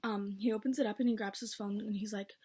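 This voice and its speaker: A woman in her twenties telling a casual storytime, blunt and swearing freely, with quick bursts between slower stretches. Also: mid-range voice, fairly even intonation, a little mellow, slightly rough. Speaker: vlogger.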